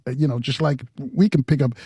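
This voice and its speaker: Radio host guy, mid pitch, lots of uh's, excited questions, dry sound. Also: husky, dry recording. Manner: animated, halting, many fillers. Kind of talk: radio interview.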